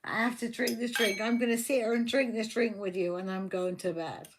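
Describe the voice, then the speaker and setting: A woman's voice: fairly high pitch, steady tone, brisk, a little hiss or hum. A woman hosting a live tarot stream, chatting casually and rambling, repeating herself and talking to her viewers. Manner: talks to viewers by name, affectionate.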